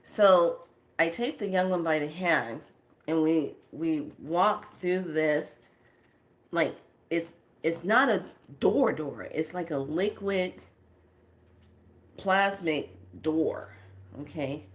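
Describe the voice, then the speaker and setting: A woman hosting a spiritual video, telling a dream story to her viewers in an animated, blunt way, swearing casually and acting out each scene. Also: sits low, takes it slowly, long pauses. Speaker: spiritual channeler and video host.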